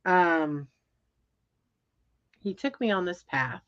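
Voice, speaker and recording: A woman telling a story in casual chat, animated and exasperated, with lots of fillers and restarts. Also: lowish voice, slow. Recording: dull lo-fi sound.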